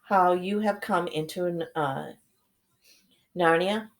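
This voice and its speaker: A woman's voice: lowish voice, slow pace. Woman reading as a polite, fussy male faun. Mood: courteous. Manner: formal and courteous.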